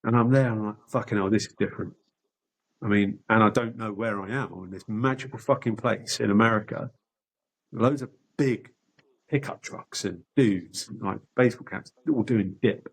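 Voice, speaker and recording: A man's voice: fairly low pitch, moderate pace, low-quality recording. A middle-aged man telling his personal story candidly as a podcast guest, swearing often and restarting sentences.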